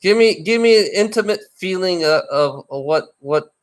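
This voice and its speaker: A man's voice: high-pitched, lively intonation, moderate pace. A man chatting casually in a rambling, teasing way, often restarting and repeating his phrases. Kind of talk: casual chat.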